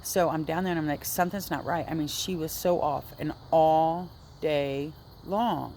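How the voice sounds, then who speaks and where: Speaking at a moderate pace in a deep, somewhat mellow voice, a woman vlogs from a seat at home about her personal faith journey. She's earnest but rambling, repeatedly starting her sentences again, and slight background noise can be heard.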